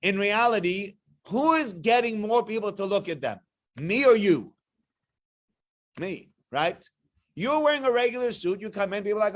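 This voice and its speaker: High-voiced rabbi teaching Torah. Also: male voice, moderate pace. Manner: animated, full of rhetorical questions. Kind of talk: weekly Torah portion lecture.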